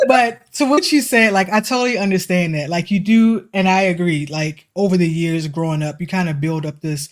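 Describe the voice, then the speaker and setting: A woman in her forties co-hosts a podcast, chatting casually through personal stories and acting out the voices of people she quotes. Her voice is lowish, and she talks briskly with few pauses.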